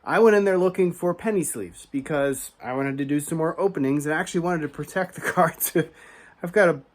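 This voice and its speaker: A slightly high-voiced American man talks fairly quickly, ranting through a story on his card collecting channel. Chatty with lots of asides and restarts, he becomes animated, heated, and emphatic.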